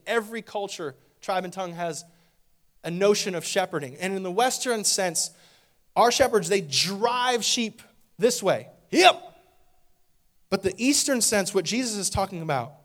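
High-voiced impassioned male preacher. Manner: impassioned preaching, swings from loud emphasis to hushed intensity; repetitive, emphatic phrasing. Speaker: pastor. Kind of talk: sermon.

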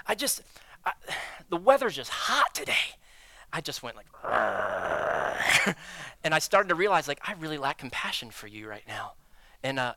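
Man, lead pastor, candid sermon, animated storytelling, bright tone, dry close sound. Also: mid-range voice, no echo. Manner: candid, self-deprecating, animated storytelling with laughs. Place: church sanctuary.

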